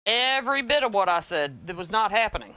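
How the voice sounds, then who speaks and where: A woman's voice: mid-range voice, big pitch swings, brisk, noisy background. A middle-aged woman with a Southern US accent hosting a crafting tutorial, folksy and wisecracking, calling her viewers y'all.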